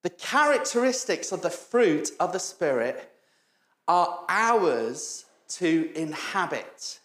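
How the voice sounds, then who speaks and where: A man's voice: sits high, sing-song, takes it slowly, a bit bright. A man preaching a sermon, telling funny stories, acting out the voices of the people in them and laughing often. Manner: storytelling, acts out quoted voices, laughs often. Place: church hall. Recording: echoey church hall.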